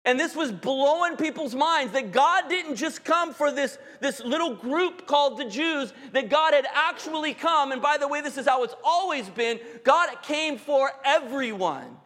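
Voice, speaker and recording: A man's voice: extremely high pitch, animated, normal speed, hardly any pauses, fairly bright tone. A man preaching a sermon in a candid, humorous, conversational way. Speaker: pastor. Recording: hall reverb.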